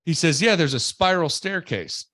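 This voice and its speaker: A man hosting a podcast, telling a story in an animated, exaggerated way and wrapping up the show casually. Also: a little high, normal speed, dry recording, studio quality. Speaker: podcast host.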